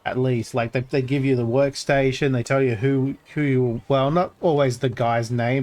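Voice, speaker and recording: A man's voice: medium pitch, fairly even intonation, normal speed, few pauses, darkish tone. A male streamer giving casual commentary while playing a game, with joking, sarcastic asides.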